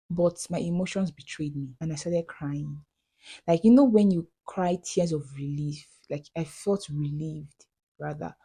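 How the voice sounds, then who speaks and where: A woman's voice: sits low, vocal fry, dark tone, breathy edge. A young woman in her twenties with a Nigerian accent, talking casually in a vlog voiceover, chatty and prone to repeating herself. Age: 20s. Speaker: vlogger.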